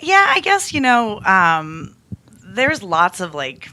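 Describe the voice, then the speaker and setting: A woman's voice: mid-range voice, big pitch swings, slow, pushed and bright, slight background noise. A woman guest on a podcast, talking casually and rambling with lots of fillers and restarts. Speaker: guest, toy company salesperson.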